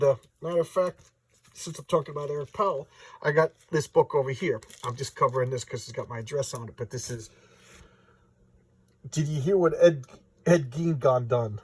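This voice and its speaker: Enthusiastic man reviewing comics, rambling; slightly high, husky voice. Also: darkish tone, no room sound, recorded from a distance. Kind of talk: casual comic review vlog.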